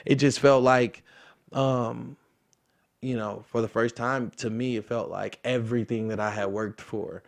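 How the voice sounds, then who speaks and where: A young man in his twenties tells a story from his own life in a relaxed, conversational way, with a voice of middle pitch. He gets animated as he goes and acts out the voices of the people in the story. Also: unhurried, gravelly. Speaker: interview guest, football player. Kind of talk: casual storytelling.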